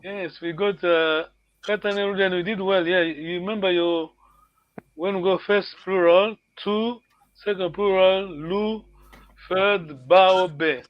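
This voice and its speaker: A man's voice: high voice, fairly even intonation, takes it slowly, no echo, lo-fi sound. A male language teacher giving an online lesson over a video call, patient and encouraging, often repeating words.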